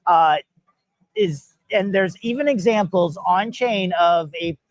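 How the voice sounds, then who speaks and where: A man hosting a casual live-stream interview at a hackathon event, upbeat and chatty with quick reactions. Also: high-pitched, no echo. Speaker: host.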